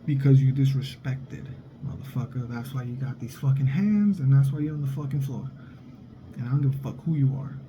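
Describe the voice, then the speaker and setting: A man's voice: medium pitch, brisk, noisy background. Blunt, profane man ranting. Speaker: vlogger, father. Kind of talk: casual monologue.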